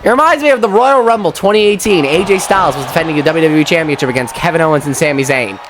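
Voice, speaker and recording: A young man giving excitable play-by-play commentary on a wrestling match, with mild swearing and quick self-corrections. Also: a little high, background noise. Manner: excitable, swears mildly, laughs at own slips. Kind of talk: solo play-by-play commentary of a video game match.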